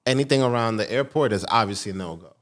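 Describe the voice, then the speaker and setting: A man's voice: medium pitch, fast talker. A man co-hosting a podcast, wry and keen on keeping the show's structure. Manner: wry, keeps the show on its structure. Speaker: podcast co-host. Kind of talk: casual chat.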